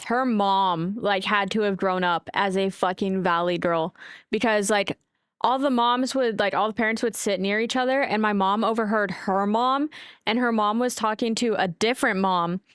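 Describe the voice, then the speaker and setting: A woman's voice: medium pitch, clean tone, no room sound, studio quality. A woman from the United States streaming, chatting casually and ranting with freely dropped swears. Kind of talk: casual chat with voice call and chat.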